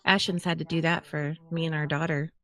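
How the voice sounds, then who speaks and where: Brief: woman with a very low voice, relaxed podcast co-host. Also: a little fast. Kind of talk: casual podcast chat.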